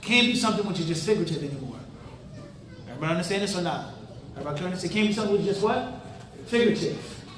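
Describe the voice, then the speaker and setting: A man's voice: sits high, racing. Lecturing man in a roomy hall. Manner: quizzes the audience with fill-in questions; lively, casual street-talk asides. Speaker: Islamic teacher. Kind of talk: interactive religious lecture. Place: mosque hall. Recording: roomy hall, mic at a distance.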